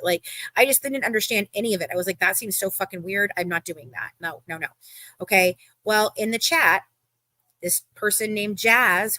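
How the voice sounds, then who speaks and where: A woman's voice: mid-range voice, no room sound, rough recording. A woman hosting a livestream, telling a heated story with lots of swearing and quoted back-and-forth. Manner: animated storytelling, acting out quoted exchanges, frequent swearing. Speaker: livestream host. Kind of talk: casual livestream chat.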